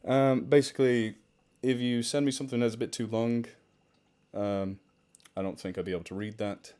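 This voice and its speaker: A man's voice: mid-range voice, steady tone, moderate pace, dark tone, smooth. A British man with a mixed British-American accent, hosting a casual charity livestream from home. He chats, laughs often, pokes fun at himself and reads viewer comments aloud. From United Kingdom. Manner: chatty and self-deprecating, laughs often, reads chat aloud. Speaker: charity livestream host and story narrator. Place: home room with fish tank near the mic. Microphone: desktop microphone.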